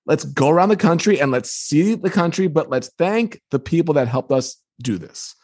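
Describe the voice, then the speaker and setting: A man with a slightly husky voice tells a story about his book as an interview guest. He talks with energy and slips into lively voices when he quotes other people. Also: fairly high pitch, moderate pace. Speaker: author and guest. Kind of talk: animated storytelling.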